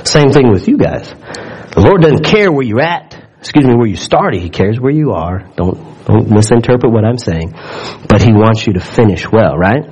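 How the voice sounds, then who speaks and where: Husky low-voiced man preaching a sermon. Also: moderate pace, low-quality recording. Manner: animated storytelling with frequent asides and questions to the congregation; repeats words when building up. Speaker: pastor.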